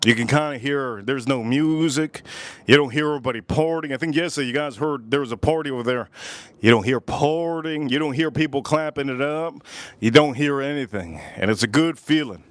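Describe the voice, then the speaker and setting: A man's voice: mid-range voice, a little fast, no room sound. An American man hosting a casual live stream at his backyard grill, rambling and repeating himself with lots of fillers. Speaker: livestream host.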